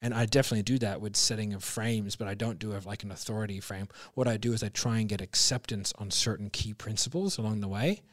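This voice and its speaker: A man's voice: fairly low pitch, fast, few pauses, dry recording, clean studio sound. A man talking sales as a podcast guest, blunt and emphatic, swearing freely and restarting his sentences often. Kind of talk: casual podcast conversation.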